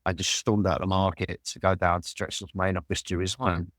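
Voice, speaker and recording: A London man in his sixties telling lively stories as a guest in an interview, swearing freely. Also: low-pitched, a little fast, dry recording, studio quality. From Walthamstow, London.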